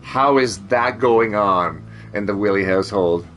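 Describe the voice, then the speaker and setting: A man's voice: fairly low pitch, measured pace, fairly bright tone, soft background music. A man chatting casually as a streamer, rambling, joking and swearing freely. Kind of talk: casual chat.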